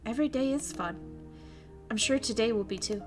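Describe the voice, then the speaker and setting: A woman voicing a kind, caring teenage girl, reading a visual novel aloud in a soft, gentle manner. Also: fairly high pitch, fairly quick, music in the background, close to an everyday voice.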